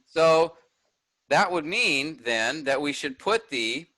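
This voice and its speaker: A man's voice: on the high side, expressive, slow, bright, forceful tone. A middle-aged man teaching a class, explaining step by step and often checking in with "all right?". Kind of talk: recorded lecture with screen sharing.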